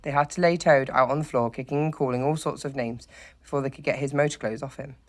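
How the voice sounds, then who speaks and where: A teacher reading a children's story aloud in a steady, expressive narrating voice, with occasional slips. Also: medium pitch, fast.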